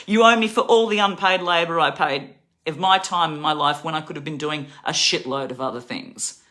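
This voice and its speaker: Tired aussie woman going off on a sweary rant, bright sharp voice, rambles on. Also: sits low, normal speed. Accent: Australian. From Australia. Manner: angry, profane, rambling. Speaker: livestreamer. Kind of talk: political rant to camera.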